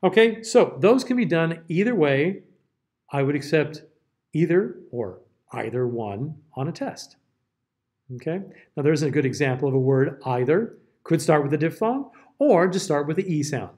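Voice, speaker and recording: American guy teaching a diction class, slightly high voice, really spells out each word. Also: expressive, moderate pace, darkish tone. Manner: demonstrative, over-enunciating example words. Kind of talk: classroom lecture.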